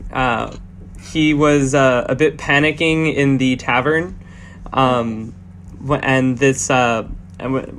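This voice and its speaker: A man narrating as game master of a tabletop game, halting with many fillers and restarts. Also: mid-range voice, a bit bright, a little hiss or hum.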